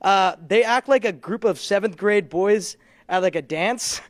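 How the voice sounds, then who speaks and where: A young man on stage does stand-up comedy, speaking a little slowly in a voice notably high for a man. He rambles through self-deprecating stories and chuckles at his own lines while the audience laughs. The sound is dry and close, with little room echo.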